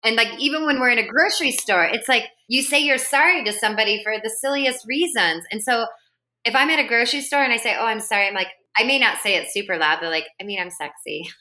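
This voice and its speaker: Talking fast in a fairly high, pushed and bright voice, a middle-aged embodiment coach guests on a podcast for a relaxed interview chat, her speech earnest and flowing, full of spiritual language.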